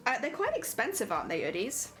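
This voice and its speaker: A woman's voice: on the high side, wildly swooping pitch, fast talker, a bit bright, soft background music. Chatty British woman streaming crafts. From Britain. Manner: chatty, laughs often, talks to chat while crafting. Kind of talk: casual live-stream chat with viewers.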